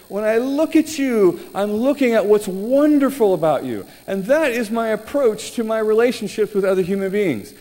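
A male preacher telling stories in a sermon, animated, with halting restarts. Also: high-pitched. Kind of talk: sermon storytelling. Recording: reverberant hall, faint noise.

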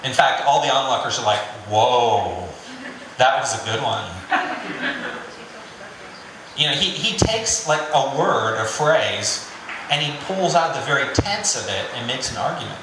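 A man's voice: medium pitch, animated, moderate pace, hardly any pauses, background noise. A man preaching a sermon in a conversational, joking way. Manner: conversational and joking, with filler "you know". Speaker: pastor. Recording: very echoey room.

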